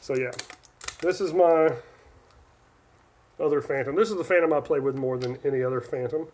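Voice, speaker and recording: Chatty man on a live stream, slightly high voice. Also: moderate pace, darkish tone, slight background noise. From Northern California. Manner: rambling, chatty, trails off and restarts mid-sentence. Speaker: livestream host. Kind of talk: casual live-stream chat answering viewer questions.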